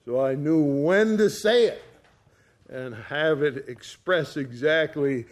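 Folksy storytelling pastor, slightly high voice. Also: male voice, slow. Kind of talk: sermon.

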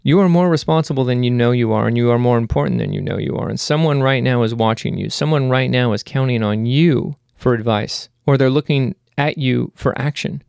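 A man's voice: mid-range voice, fairly quick, gravelly, few pauses, a little mellow, clear, resonant tone, no room sound, clean studio sound. A man hosting a casual monologue. He rambles with self-mocking jokes and then turns earnest and pleading. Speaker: host.

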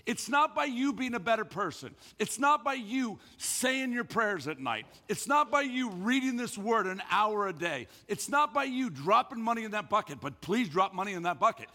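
A pastor preaching with a high, lively voice that swoops up and down. He is emphatic and keeps repeating words as he drives a point home. The sound carries the long echo of a church hall. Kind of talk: sermon. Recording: echoey hall.

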